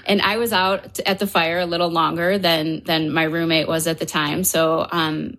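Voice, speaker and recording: A woman on a podcast telling a personal story in a somewhat low voice. She brings it to life by acting out the dialogue and often restarts her sentences. Her delivery is animated and conversational. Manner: animated, acts out quoted dialogue. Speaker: guest.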